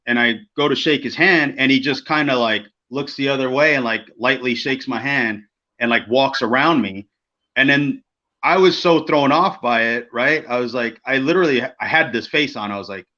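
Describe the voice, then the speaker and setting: A man's voice: medium pitch, moderate pace. A man co-hosting a podcast, telling a backstage story casually and acting out the people in it. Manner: animated, acts out quoted people, swears freely. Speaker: podcast co-host, former wrestler. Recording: dull lo-fi podcast audio.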